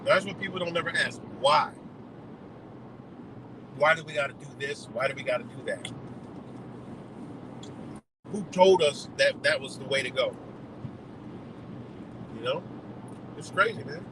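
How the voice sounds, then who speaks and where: A man's voice: fairly high pitch, a little slow, long pauses, background noise. A man on a live stream delivering a heated, profane rant full of rhetorical questions. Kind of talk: ranting monologue.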